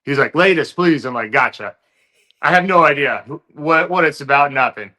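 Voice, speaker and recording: A man guest in an interview, telling a story in a relaxed, casual way with lots of fillers. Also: mid-range voice, normal speed. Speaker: interview guest, fighter turned actor.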